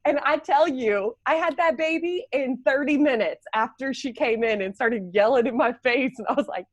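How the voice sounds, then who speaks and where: A young woman telling a personal story on a coaching call, lively and mimicking people as she goes. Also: sits high, normal speed, no room sound. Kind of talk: casual storytelling.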